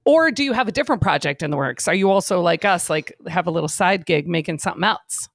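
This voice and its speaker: A woman's voice: on the low side, lively intonation, fast talker, no room sound, clean studio sound. A woman co-host chatting in a giggly way, sometimes losing her words, recorded remotely. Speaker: podcast co-host. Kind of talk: casual chat. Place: remote recording, separate room.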